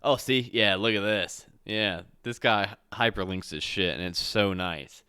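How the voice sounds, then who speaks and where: A man's voice: on the low side, unhurried, bright, forceful tone, clean tone, no room sound, studio quality. A man reading a solo adventure aloud as game master. He stumbles and corrects himself often and drops in chatty asides. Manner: reads with slips and self-corrections, chatty asides.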